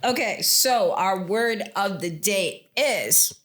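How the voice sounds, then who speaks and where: A woman's voice: mid-range voice, expressive, slow pace, a bit bright. A woman co-hosting a casual podcast, reading out word definitions and laughing easily between them. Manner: reads word definitions aloud, laughs often. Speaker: podcast co-host.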